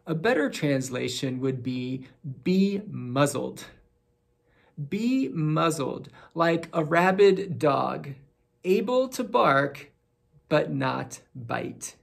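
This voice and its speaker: Slow, gravelly devotional speaker. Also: medium pitch. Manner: slow, deliberate, emphatic phrasing. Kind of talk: daily devotional message.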